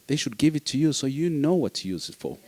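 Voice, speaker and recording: Speaking quickly with big pitch swings in a medium-pitched voice, a foster dad delivers a heartfelt speech at a summit. He's earnest, often repeating phrases and restarting sentences as he addresses the audience.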